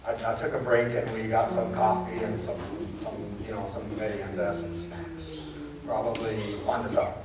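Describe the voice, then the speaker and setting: A man's voice: fairly low pitch, moderate pace. A man preaching a sermon as a pastor, telling stories and asking the congregation rhetorical questions. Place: church sanctuary. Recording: very echoey church hall, far-off mic, background noise.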